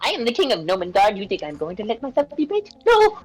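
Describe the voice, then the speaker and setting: A tiny gnome king, shut away and jumpy, his voice soaring high whenever he gets worked up, as a man puts him on. He talks in a frantic, distrustful rush that swings all over the place, straight out of a tabletop game. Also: huge pitch swings, fast talker, husky, faint music behind, full character voice. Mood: shrill indignant. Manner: shrill, suspicious, frantic. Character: jittery paranoid male gnome king, tiny.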